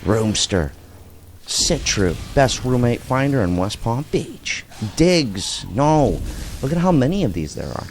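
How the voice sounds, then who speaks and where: A middle-aged man hosting a casual reaction video, talking in an animated, blunt way and swearing freely. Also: medium pitch, slow pace, a little hiss or hum. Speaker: commentary video host.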